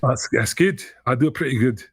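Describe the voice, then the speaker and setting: A man's voice: mid-range voice, fairly quick, husky, dry recording, studio quality. A middle-aged man telling a personal story as a guest on a talk show, candid and self-deprecating, often restarting his sentences. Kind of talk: storytelling in a conversation.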